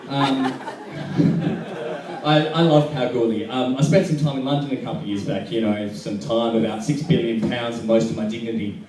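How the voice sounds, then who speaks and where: A young Australian man doing a self-deprecating stand-up comedy set with deadpan jokes. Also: medium pitch, normal speed. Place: comedy venue with live audience. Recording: echoey room mic'd from a distance, crowd laughter.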